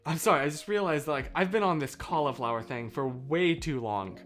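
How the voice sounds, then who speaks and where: A man chatting casually on a livestream, rambling and cutting himself off, on a boom mic kept out of shot. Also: moderate pace, faint music behind. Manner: rambling, animated, self-interrupting.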